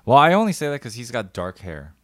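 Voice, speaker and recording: A man's voice: mid-range voice, very animated, quick pace, dry recording, clean studio sound. A man in his thirties co-hosting a podcast in casual chat, playful and teasing, firing off questions. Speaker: podcast co-host.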